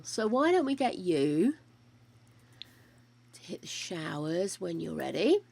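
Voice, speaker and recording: A woman's voice: fairly low pitch, very animated, a little slow, creaky, long pauses, a little mellow, husky. An older woman streaming a life-simulation game, chatting casually to her characters and her viewers, with the odd bit of mild swearing. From United Kingdom.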